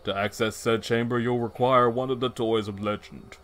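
A man voicing a serious old male sword keeper in a game playthrough, speaking in a formal, measured way. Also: mid-range voice, fairly even intonation, fairly bright tone, voice pushed down, close to an everyday voice. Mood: grave. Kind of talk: video game voice acting.

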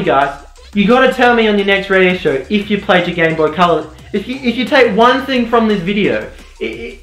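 A young man rants sarcastically through a jokey commentary, his voice jumping around as he mocks and riffs. The room rings with a clear echo, and soft music plays faintly underneath. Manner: sarcastic, mock-ranting, jumpy pitch. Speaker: YouTuber commentator. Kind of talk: rambling comedic commentary.

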